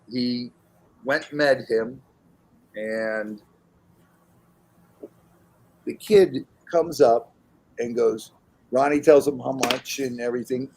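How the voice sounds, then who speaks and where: A man spinning long stories in casual conversation. He talks with animated energy and slips into the voices of the people he quotes, breaking into laughter along the way. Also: mid-range voice. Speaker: podcast guest telling stories. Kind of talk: casual storytelling chat.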